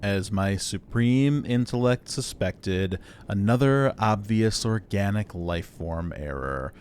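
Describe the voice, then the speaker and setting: A man voicing a smug male android who talks down to humans in a slow, drawn-out, patronizing manner. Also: fairly low pitch, a little mellow, slight background noise. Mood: condescending.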